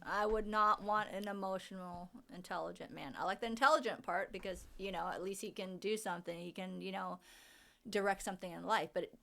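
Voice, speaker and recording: A woman's voice: medium pitch, fairly even intonation, a little fast, creaky, pushed and bright. A woman co-hosting a podcast with her husband, giving blunt, opinionated views in a conversational way. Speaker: podcast co-host. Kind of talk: casual podcast chat.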